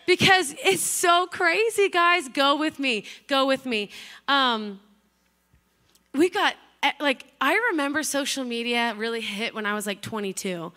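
Woman in her thirties, youth preacher, high bright voice, chatty and excitable, lots of fillers. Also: measured pace. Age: 30s. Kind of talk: casual youth sermon.

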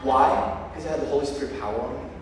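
A man preaching a sermon, telling stories with lively call-and-response to his congregation. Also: mid-range voice, quick pace, a little hiss or hum. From Lancaster County, Pennsylvania. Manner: energetic, storytelling with call-and-response. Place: large hall with audience. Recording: echoey hall recorded from far off.

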